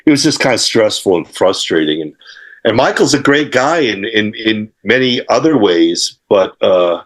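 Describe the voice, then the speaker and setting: An older man as an interview guest, telling studio stories in a rambling, halting way, with many fillers and restarts. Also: fairly low pitch, animated. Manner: acts out quotes and laughs while telling stories. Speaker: interview guest, guitarist and author. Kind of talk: casual interview storytelling.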